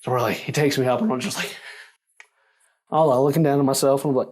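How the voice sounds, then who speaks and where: A man casually telling a personal story, animated and full of fillers, laughing along as he goes. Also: medium pitch, quick pace, a little hiss or hum. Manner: animated, acts out quoted lines, filler-heavy.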